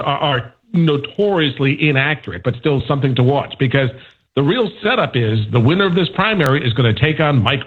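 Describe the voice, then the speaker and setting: Husky man on a tinny phone line. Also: fairly high pitch. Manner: conversational, many fillers and restarts. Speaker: national correspondent. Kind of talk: radio news interview.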